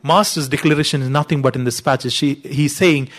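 A man with a high voice delivers a sermon. He teaches earnestly, often leaning on "you know" and lifting his voice to stress key words. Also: steady tone, a little fast. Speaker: preacher.

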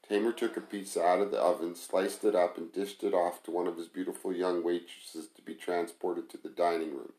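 A man reading a first-person story aloud in a plain, even storytelling manner. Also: low voice, brisk, hardly any pauses. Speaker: narrator. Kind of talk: first-person audiobook narration. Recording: roomy echo.

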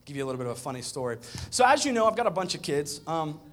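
A man in his thirties preaching a sermon, telling a funny family story and acting out the dialogue with growing excitement. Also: on the high side, rapid-fire. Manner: animated storyteller, acts out dialogue with rising excitement. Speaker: pastor. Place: church auditorium with a live audience.

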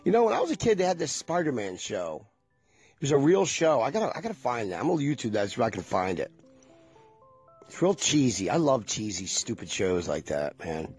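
Husky rambling middle-aged man. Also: mid-range voice, very animated, brisk, a little mellow, faint music behind. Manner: loose, nostalgic, swears freely. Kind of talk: casual rambling chat.

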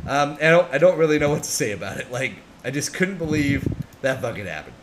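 Animated, profane man ranting casually. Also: fairly high pitch, fast, heavy background noise. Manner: profane, animated, acts out both sides of a conversation. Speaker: podcast co-host. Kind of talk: casual storytelling rant.

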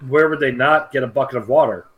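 A man's voice: mid-range voice, fast talker, a crowd in the background. A man co-hosting a podcast, teasing his friend and swearing freely in casual banter. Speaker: podcast co-host.

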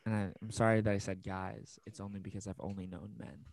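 A man co-hosting a relaxed podcast chat, rambling and animated, with lots of fillers and acted-out quotes. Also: lowish voice, quick pace, creaky, low-quality recording. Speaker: podcast co-host. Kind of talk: casual chat.

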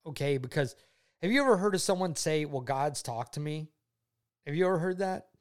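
A man speaking to his daughter, telling his faith testimony in an earnest, heartfelt way, often repeating himself and going quiet when moved. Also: a little high, expressive, a little fast. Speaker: father talking with his daughter.

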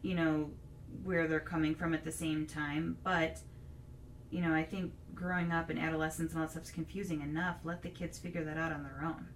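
A woman's voice: sits low, little pitch movement, a little fast. A woman hosting a casual chat, giving her opinions and thinking aloud, padding her points with lots of "you know"s. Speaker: podcast host. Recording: echoey room, distant mic, faint hiss.

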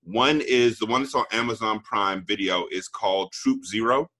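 A man's voice: on the low side, normal speed, sharp tone. A man co-hosting a podcast, chatting casually and recommending things with enthusiasm. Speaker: podcast co-host. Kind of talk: casual chat.

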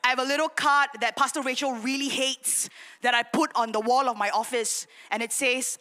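Young woman pastor, high ringing voice, animated sermon delivery. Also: moderate pace. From Singapore. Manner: animated storytelling, self-mocking with laughs and acted gasps.

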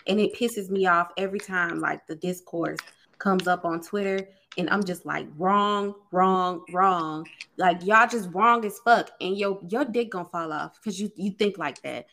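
A woman's voice: on the low side, normal speed, vocal fry, a bit bright. A young adult woman co-hosting a podcast, chatting casually, laid-back and profane, laughing often. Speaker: podcast co-host. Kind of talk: casual chat.

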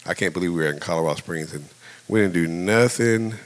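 A man in his fifties preaching a sermon in a relaxed, conversational way, telling a personal story and often breaking into laughter. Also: low voice, fast talker. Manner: conversational, animated, laughs often, acts out voices. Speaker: pastor.

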